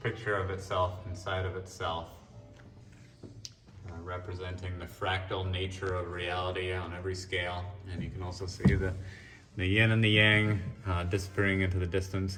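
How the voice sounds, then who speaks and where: A man giving a casual walk-through of his own art show, explaining his works in a relaxed, rambling way with frequent restarts. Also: deep voice. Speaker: artist giving a gallery tour. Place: art gallery show room. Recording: echoey room from a distance with faint music.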